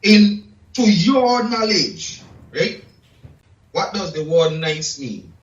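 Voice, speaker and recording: A man in casual chat, lecturing slowly and deliberately. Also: sits high, big pitch swings. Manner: slow, lecturing, asks "you check?". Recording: echoey room, distant dull mic.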